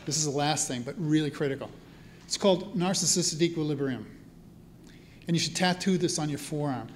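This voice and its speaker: A male priest gives a storytelling talk at a church event. His voice sits fairly high, and there is a faint hum of room ambience behind him. He keeps checking in with the crowd. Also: fairly quick. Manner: chatty, often checks in with the audience. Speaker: priest and spiritual care teacher. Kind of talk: storytelling talk to a live audience.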